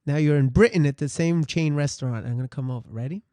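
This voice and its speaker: A man with a Brooklyn accent hosting a casual interview, excitable and playful. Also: on the high side, quick pace, dry recording. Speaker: podcast host.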